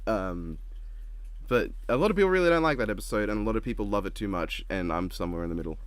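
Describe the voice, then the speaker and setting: A man's voice: lowish voice, animated, quick pace. A man hosting a casual reaction chat, laid-back and rambling with frequent giggles. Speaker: channel host.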